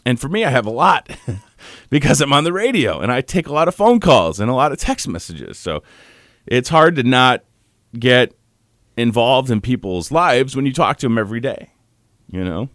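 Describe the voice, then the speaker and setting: A male radio host on his morning show, talking in a halting way and holding back tears, with pauses and restarts. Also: mid-range voice, sing-song, fairly bright tone, no room sound, studio quality. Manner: halting, choked up, pausing often. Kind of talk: on-air morning show tribute. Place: radio studio.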